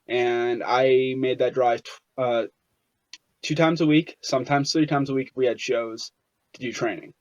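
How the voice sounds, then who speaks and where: A man's voice: mid-range voice, fairly even intonation, normal speed. A young man as an interview guest, telling stories casually, with many fillers and restarts. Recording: dull, lo-fi sound.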